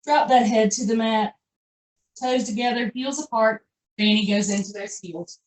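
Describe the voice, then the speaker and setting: A fitness instructor leads a live online pilates class, cheerfully chatting, encouraging and dropping folksy phrases as she calls each move. Her fairly high voice has a darkish tone and a moderate pace, and the echoey recording places her far off.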